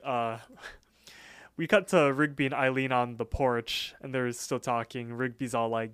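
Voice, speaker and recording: Male podcast co-host, mid-pitched and resonant, retells cartoon scenes in a relaxed, chatty way. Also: clean tone, no echo. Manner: retells scenes, quoting characters in quick asides. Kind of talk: casual episode recap.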